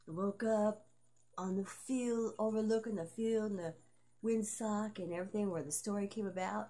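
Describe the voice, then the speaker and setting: A woman's voice: fairly low pitch, a little mellow. A middle-aged woman vlogging in a rambling, casual monologue, swearing freely and laughing often. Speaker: vlogger and aspiring author.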